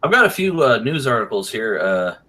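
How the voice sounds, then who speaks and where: A man's voice: medium pitch, sing-song, fairly quick, bright, forceful tone. A man with a wife, rambling in casual podcast chat.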